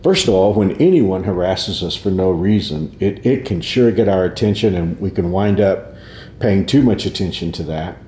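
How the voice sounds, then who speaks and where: A man with a fairly low voice speaks as a pastor, thoughtful and unhurried in tone, often restarting a phrase or chuckling softly as he reasons aloud. His voice carries a noticeable room echo, with a faint rumble underneath. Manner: reflective, with frequent restarts and soft laughs. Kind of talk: conversational devotional discussion.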